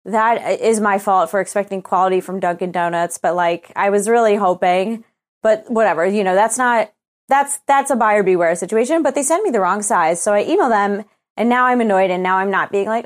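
A woman's voice: mid-range voice, brisk. A young woman co-hosting a podcast, telling a story as a casual rant, swearing freely and acting out both sides of her email exchanges. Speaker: podcast co-host.

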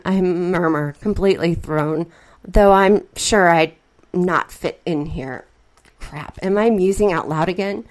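A woman reading a first-person story aloud, with expressive, flustered narration. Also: fairly low pitch, measured pace.

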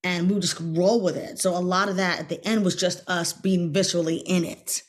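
Animated woman telling a story. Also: on the low side, fairly quick. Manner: lively, acts out quoted lines in loud bursts. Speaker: guest actress. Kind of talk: animated storytelling in a podcast interview.

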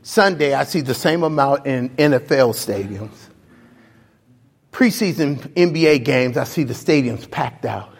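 A man preaching a sermon, telling a story with animated swings from loud highs to hushed lows. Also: a little slow, creaky, husky. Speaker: pastor. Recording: long hall reverb.

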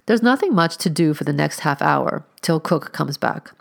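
A woman doing a brisk kindly landlady. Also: sits low, lively intonation, vocal fry, full character voice.

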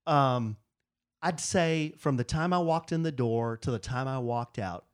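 A man's voice: mid-range voice, unhurried, clean tone. A man co-hosting a podcast, telling a story in casual chat and acting out what people said to him. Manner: animated, acts out other people's lines in quotes. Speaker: podcast co-host.

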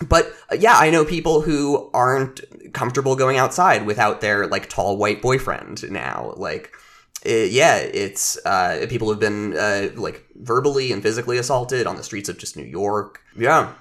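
A man co-hosting a political podcast, talking casually in a halting way full of fillers and restarts. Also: on the low side, expressive, a bit bright. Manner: halting, filler-heavy, lots of "like". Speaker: podcast co-host.

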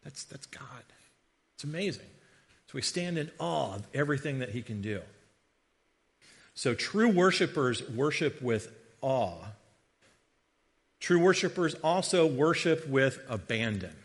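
A middle-aged man, a guest preacher, giving a sermon with a humorous personal story, animated and joking as he tells it. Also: medium pitch, unhurried, long pauses, slightly rough. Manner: animated storyteller, jokey asides. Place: church sanctuary. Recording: long reverb of a large hall.

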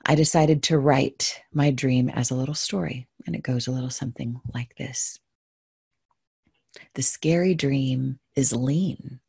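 Woman storyteller, low husky voice, slow and playful delivery in rhyme. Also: no echo, studio quality. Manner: gentle, playful, musing. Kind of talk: reading a rhyming story aloud.

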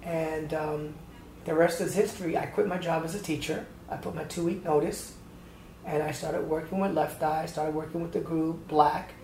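A man in his fifties from Atlanta, Georgia, telling his story as a choreographer guest in an interview, lively and acting out the voices in his anecdotes. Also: a little high, moderate pace. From Atlanta, Georgia, USA. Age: 50s. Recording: roomy echo with faint background noise.

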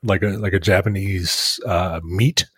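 Low voiced podcast guy reading off a list, lots of uhs, dry sound. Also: fairly even intonation, unhurried, fairly bright tone, breathy edge, no room sound. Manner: reads items out with hesitant fillers. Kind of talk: casual chat.

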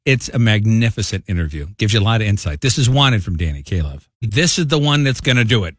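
A man's voice: on the low side, very animated, brisk, no echo, studio quality. Male morning radio co-host, teasing and playful, voice that swings up and down.

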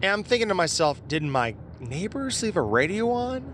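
Man from southeast Iowa, bright tense voice, casual rambling storytelling, informal with mild cursing. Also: high-pitched, very animated, moderate pace, a little hiss or hum. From southeast Iowa, USA. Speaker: guest sharing a personal encounter story.

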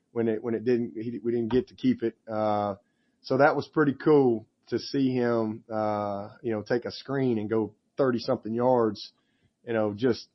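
A man's voice: mid-range voice, lo-fi sound. A man, a head football coach, answering press conference questions with enthusiasm, rambling and restarting his sentences.

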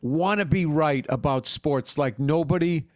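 Podcast host, male, high-pitched, crude and ribbing, dead-dry recording. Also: measured pace, no room sound. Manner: profane, ribbing, animated storytelling. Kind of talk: casual sports chat.

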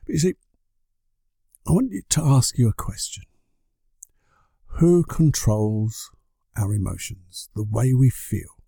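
A man's voice: mid-range voice, sing-song, slow, gravelly, pauses often, warm tone, breathy edge, dry recording, studio quality. A man hosting a solo podcast, talking conversationally and asking the listener rhetorical questions. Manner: conversational, asks rhetorical questions, briefly acts out other people's excuses. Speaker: podcast host.

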